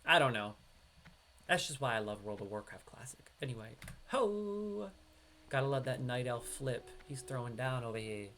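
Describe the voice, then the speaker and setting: Here a man from upstate New York streams an online game, talking a little fast in a mid-range voice. A bit of hiss or hum sits under his excitable, slangy live commentary with a teammate.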